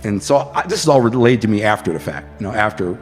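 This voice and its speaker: A man's voice: fairly low pitch, animated, fast talker, big-room sound, soft background music. A man from Detroit, a podcast guest, telling blunt, profane street stories in a casual interview and acting out what people said. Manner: blunt, profane street storyteller who acts out quotes.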